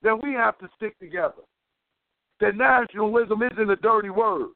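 A man's voice: high-pitched, normal speed, no echo. A man giving an impassioned political talk as an organizer, emphatic and preachy, repeating phrases for weight. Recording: tinny phone line, dry.

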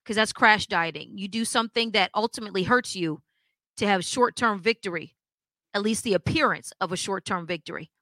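A woman's voice: mid-range voice, fairly quick, pushed and bright, no echo. A woman co-hosting a church broadcast, teaching in an emphatic preaching style and putting pointed questions to her listeners.

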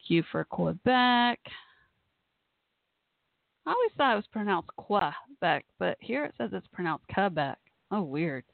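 Woman podcast host, rambly and giggly, gravelly fry, tinny phone line. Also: mid-range voice, very animated, moderate pace, hardly any pauses, no room sound. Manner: chatty, rambling, laughs often. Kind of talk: casual solo talk. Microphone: phone call-in line.

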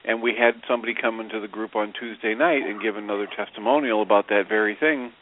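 A man's voice: on the low side, fairly even intonation, fast, a little hiss or hum. A man co-hosting a radio show, explaining his ideas in a reflective, casual way. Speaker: radio co-host. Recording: tinny phone-line radio audio.

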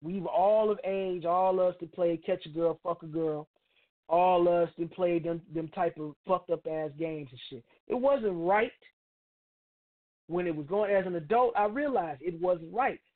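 A man's voice: high-pitched, measured pace. Middle-aged man, blunt and profane, street slang, radio host monologue, tinny phone-like sound. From Chicago, United States. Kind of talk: opinionated monologue.

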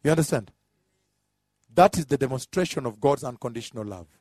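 A man's voice: mid-range voice, expressive, a little fast, darkish tone, husky, no echo, clean studio sound. A man preaching a sermon, counting off points emphatically and laughing at his own humor.

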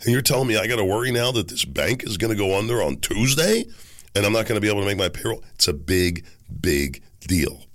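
A man hosting his own podcast, hoarse and raspy from a cold, giving emphatic commentary. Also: lowish voice, animated, fast, a bit bright, dry recording, studio quality. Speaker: podcast host.

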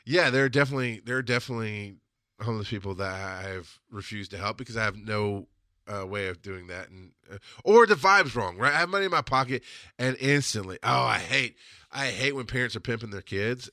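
A man's voice: mid-range voice, animated, quick pace, bright, forceful tone, no echo, clean studio sound. A man hosting a solo podcast monologue, ranting with lots of swearing and wandering off on tangents. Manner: profane, ranting, digressive. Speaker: podcast host.

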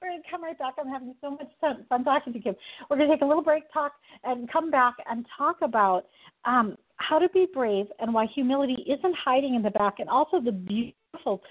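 A woman's voice: high-pitched, brisk. A woman hosting a Christian talk show, telling personal stories earnestly and with animation, often laughing. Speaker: radio show host. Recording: tinny phone-like sound.

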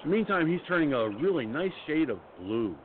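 A man's voice: on the high side, very animated, moderate pace. A man hosting a radio talk show who tells stories in a blunt, angry, profane rant. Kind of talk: ranting personal storytelling. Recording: phone-like line with faint noise.

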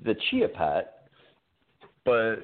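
A man's voice: on the low side, wildly swooping pitch, extremely slow, dry recording. A man co-hosting a podcast, telling rambling, profane stories in casual chat. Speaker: podcast co-host. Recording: tinny phone-like audio with faint noise.

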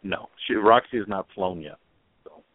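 A man's voice: sits low, normal speed, dry recording. A man co-hosting a motorcycle radio show, telling jokes in a loose, casual way with frequent restarts. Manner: joking, stumbling restarts. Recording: phone-like narrow band, dry.

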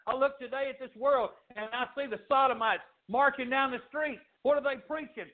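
A man preaching a fiery sermon as pastor, swinging from shouts to low, quiet lines. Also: normal speed. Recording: tinny phone-like sound.

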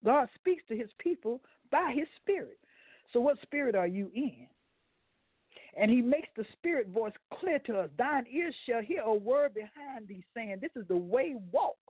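A man's voice: high voice, no room sound. A man preaches a folksy sermon to radio listeners, tripping over a word here and there as he talks to them directly. He comes through a narrow, phone-like line. The sound is dry, with no room around it. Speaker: guest preacher.

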